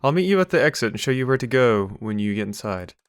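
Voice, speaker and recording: An earnest young prince, voiced by a man, speaking with urgency. The pitch sits in a middle range, and the sound is dry. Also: expressive, fast talker, no echo, close to an everyday voice. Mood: relieved.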